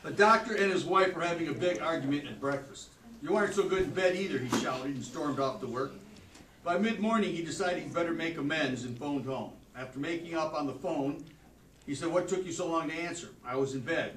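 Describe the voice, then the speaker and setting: A man with a fairly high voice reads jokes aloud to his students, his delivery dry and matter-of-fact. He is picked up from across an echoey classroom by a distant camera, with faint room noise under him. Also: fairly quick, a bit bright. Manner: dry joke delivery, flares up scolding students. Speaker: teacher.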